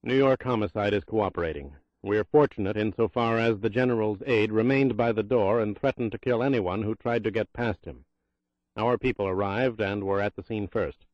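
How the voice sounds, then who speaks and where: A self-assured intelligence chief lays out his case, read by a man for an audiobook, low and steady. The recording is dry and a little dull. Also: moderate pace, no room sound, natural voice. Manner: assured, briefing tone. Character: confident male intelligence agency director.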